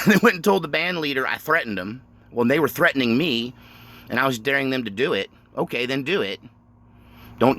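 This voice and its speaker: A middle-aged man vlogging, telling stories in an animated, emphatic way and laughing often. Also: mid-range voice, gravelly. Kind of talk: casual storytelling monologue.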